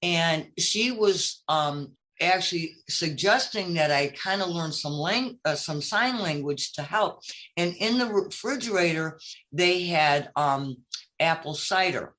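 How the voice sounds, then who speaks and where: A guest with a Brooklyn accent tells a long personal story in casual conversation. The talk rambles and is full of ums and restarts. The pitch sits in the middle range. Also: expressive, slow, bright, forceful tone, poor audio. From upstate New York. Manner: rambling storyteller, many fillers. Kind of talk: casual chat.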